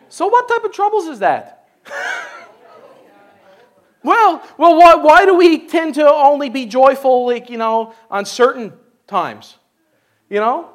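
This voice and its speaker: A man with a notably high voice preaches a folksy, conversational sermon to his church. He talks in a chatty, exclaiming way, leaning on "you know" and asides to the congregation. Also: fairly bright tone. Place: church service.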